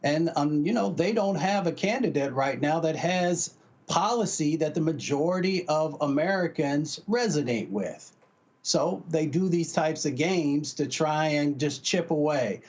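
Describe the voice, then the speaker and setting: Measured male panelist on muffled line. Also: a little high, animated, a little mellow. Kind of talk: political panel commentary.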